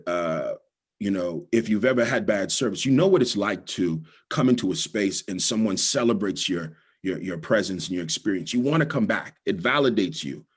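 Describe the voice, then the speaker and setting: This middle-aged man from the Bahamas, speaking with a Bahamian accent, delivers a motivational talk as a guest speaker in a low voice with a breathy edge. He builds it around stories and comes back to his key lines for emphasis.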